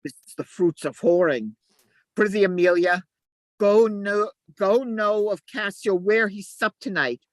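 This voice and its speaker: A woman reading the part of a scheming male ensign in an amateur play reading, moving between urgent shouts and low asides. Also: unhurried, no room sound, lightly acted.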